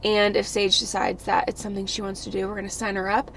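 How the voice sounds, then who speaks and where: A woman's voice: mid-range voice, little pitch movement, quick pace, vocal fry, fairly bright tone, a little hiss or hum. A young woman vlogging with casual, upbeat chatter, full of "like" and "you know.". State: out of breath. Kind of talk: casual vlog chat.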